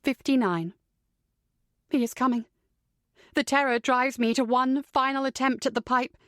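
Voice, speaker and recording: A woman's voice: high voice, fairly even intonation, measured pace, a bit bright, dry recording, clean studio sound. Woman narrating a tense thriller. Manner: tense, dramatic storytelling. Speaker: audiobook narrator. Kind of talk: first-person thriller narration.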